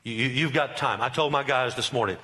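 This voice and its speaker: A man's voice: medium pitch, brisk, sharp tone. A middle-aged man preaching a sermon, emphatic and repetitive, with rising bursts. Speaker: pastor.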